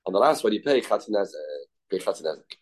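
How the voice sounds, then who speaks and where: A man's voice: lowish voice, animated, fast talker, husky. A man giving a casual Talmud class, repeating terms and restarting sentences often. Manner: informal, restarts often, repeats terms, mixes Hebrew and Yiddish words. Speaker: Talmud teacher.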